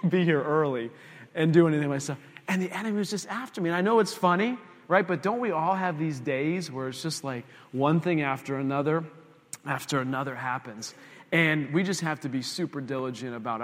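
A man's voice: fairly high pitch, a little fast, fairly bright tone, long reverb tail. A man preaching a conversational sermon, telling a self-mocking story with asides to the congregation. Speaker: pastor.

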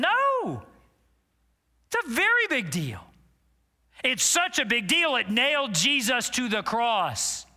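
A pastor in his sixties preaching a sermon with passion, moving between loud declarations and hushed, near-whispered lines. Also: sits high. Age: 60s.

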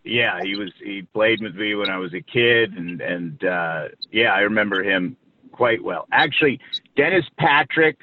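A New York man, guest in a casual interview over a call, recalls his childhood acting career in a fairly low, animated voice. He rambles and halts, restarting often and sharing fond, warm recollections, on a tinny phone-like line with no room sound.

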